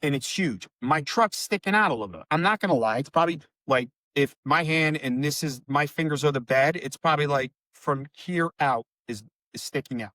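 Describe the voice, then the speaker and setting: A man's voice: on the high side, expressive, brisk, few pauses, sharp tone, no echo. Heated, cursing middle-aged man. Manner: profane, rambling, heated. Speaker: bereaved father and podcast guest. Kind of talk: emotional interview storytelling.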